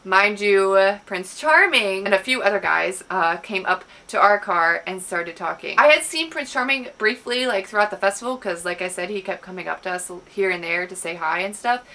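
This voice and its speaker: Bright-voiced young woman telling a storytime. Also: medium pitch, normal speed, hardly any pauses. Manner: animated, profane, acts out quotes. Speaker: vlogger. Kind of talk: storytime vlog.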